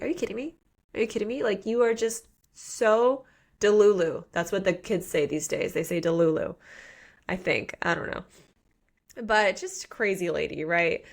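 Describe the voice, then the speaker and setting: Woman, podcast co-host, gravelly fry, casual book recap, playful and slangy. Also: mid-range voice, animated, moderate pace. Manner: chatty, slangy, playful with quoted asides.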